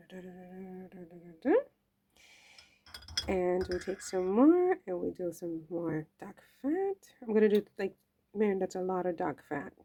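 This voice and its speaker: A woman's voice: medium pitch, darkish tone, a little hiss or hum. A woman chatting casually to the camera while she cooks in her home kitchen, playful and rambling, laughing at her own jokes. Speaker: cooking vlogger. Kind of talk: casual cooking chat to camera.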